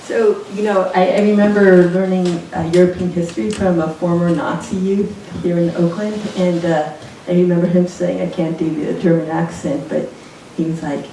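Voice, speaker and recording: Woman author, low and mellow, reflective storyteller; distant mic, very roomy. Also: little pitch movement, moderate pace. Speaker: author at a book event. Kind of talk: live onstage conversation. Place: bookstore event space with audience. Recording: very echoey room, mic far off, faint noise.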